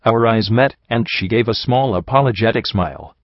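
Low-voiced man reading a story. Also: moderate pace, no room sound. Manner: steady, plain narration with light voicing for dialogue. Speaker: audiobook reader. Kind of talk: fan fiction read aloud as a first-person audiobook. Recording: dull, dry home recording.

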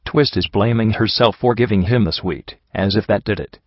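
In a dull lo-fi recording with no echo, a man with a lowish voice reads a first-person story at a normal speed. He slips in dry, wry asides as he narrates the audiobook.

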